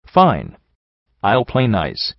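A man's voice: fairly low pitch, wildly swooping pitch, very slow, vocal fry, dry recording, lo-fi sound, heavily acted. A man playing a blunt teasing mare. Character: blunt teasing female pony fighter.

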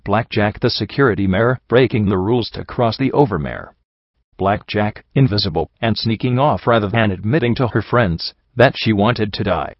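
A man narrating a first-person story as an audiobook reader, in a steady, measured way. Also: on the low side, no room sound. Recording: dull lo-fi audio.

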